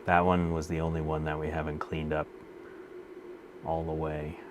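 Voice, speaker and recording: A man's voice: extremely low pitch, completely flat delivery, normal speed, noisy background. A man casually chatting with his live-stream viewers while he solders a computer, often half under his breath. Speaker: streamer repairing vintage computers.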